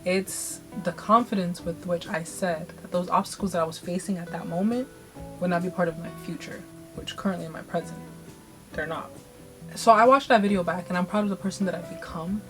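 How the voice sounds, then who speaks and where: A woman's voice: on the low side, fairly quick. A woman giving an earnest, encouraging reflective voice-over about her own vlog. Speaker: vlogger. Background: soft guitar music.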